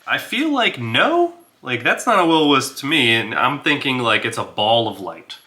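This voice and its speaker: A man's voice: mid-range voice, lively intonation, normal speed, pushed and bright. A man casually narrating his solo tabletop role-playing game, thinking aloud with filler words and small chuckles.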